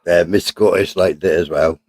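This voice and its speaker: A man chats casually, jokey and full of swearing. His voice sits fairly low. The sound is dry and close, with no room echo. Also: steady tone, moderate pace, a little mellow. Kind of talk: casual banter with chat.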